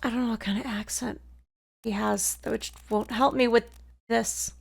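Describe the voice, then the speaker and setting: Gravelly woman streamer thinking aloud. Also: fairly high pitch, fairly even intonation, moderate pace. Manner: muses aloud and laughs at herself. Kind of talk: casual gameplay commentary.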